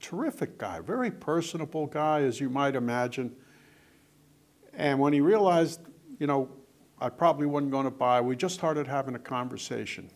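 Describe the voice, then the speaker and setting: Expressive and moderately paced, an older man, an author, chats and tells anecdotes rich with quoted dialogue. His voice sits in the mid range.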